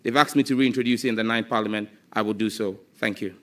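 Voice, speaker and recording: A man's voice: fairly low pitch, steady tone, quick pace, fairly bright tone. Man, Ghanaian accent, nominee at a hearing, firm, declarative, formal testimony, desk microphone. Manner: firm and declarative, stating his position. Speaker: ministerial nominee. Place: parliamentary hearing room.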